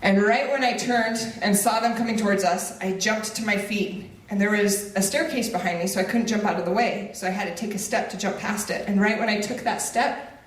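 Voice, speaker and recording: A woman's voice: mid-range voice, far from the mic. A woman giving a motivational speech, telling a personal story with humor and direct lines. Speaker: motivational speaker. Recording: roomy echo, voice off mic.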